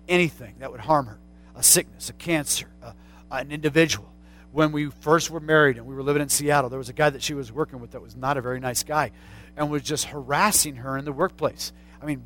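Man preaching, middle-aged, slightly high voice, calls out to the crowd, rises to shouts. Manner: calls out to the congregation, rising to shouts. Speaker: pastor. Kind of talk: sermon.

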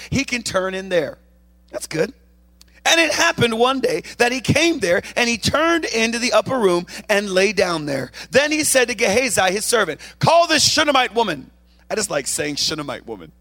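Male guest preacher, high voice, loud and animated, playful asides between scripture. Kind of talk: sermon.

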